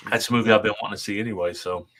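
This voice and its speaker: A man's voice: fairly low pitch, fairly even intonation, rapid-fire, a bit bright. A man co-hosting a podcast, chatting casually about movies in a laid-back way with short replies. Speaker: podcast co-host. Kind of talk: casual movie-review chat.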